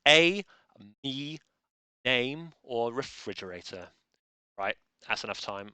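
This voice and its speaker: A man's voice: mid-range voice, expressive, takes it slowly, long pauses, bright, forceful tone, smooth, dry recording. A man hosting a live quiz in a casual, playful way, chatting and breaking off into joking asides. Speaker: quiz host.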